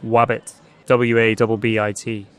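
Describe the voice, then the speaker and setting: Male podcast host, playful and laughy, quizzing a guest outside by a street, mid pitch. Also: brisk, faint music behind. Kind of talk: casual interview chat. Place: outdoors by a city street.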